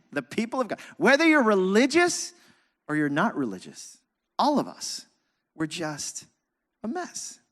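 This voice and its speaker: A man, a pastor, preaching a sermon and telling a lively personal story, acting out his own outbursts and laughing at himself. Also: sits high, measured pace, pauses often, big-room sound.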